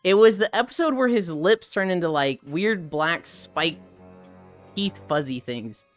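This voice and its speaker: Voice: mid-range voice, lively intonation, measured pace, faint music behind. A streamer chatting casually and rambling with live viewers, laughing often and swearing freely. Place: outdoors walking.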